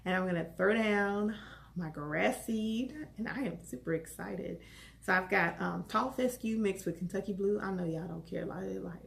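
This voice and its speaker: Woman vlogger, gravelly texture, lively exclamatory casual chat. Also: mid-range voice, moderate pace. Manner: animated, chatty, exclamatory.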